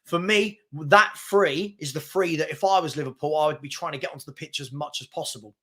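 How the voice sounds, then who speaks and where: A man co-hosting a football podcast, telling stories in a casual, excitable, incredulous way. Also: a little high, fairly quick. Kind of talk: casual chat.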